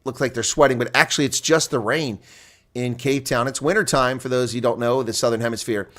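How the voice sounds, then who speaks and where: A man doing live reaction play-by-play of a rugby match, leaping up in excitement at big plays. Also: mid-range voice, a little fast.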